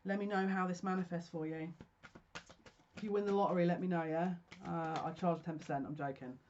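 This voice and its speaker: A psychic reader talks straight to the viewer in a slow, stop-start way, pausing to search for words as messages seem to arrive. The recording sounds slightly dull and lo-fi. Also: medium pitch, fairly even intonation, darkish tone, a little hiss or hum. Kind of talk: solo general reading to camera.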